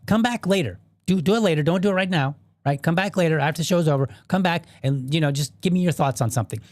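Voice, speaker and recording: A man's voice: on the high side, no room sound, clean studio sound. A man, in his thirties or forties, hosting a casual solo podcast, rambling and restarting his sentences as he talks. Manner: rambling, repeats words and restarts. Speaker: podcast host.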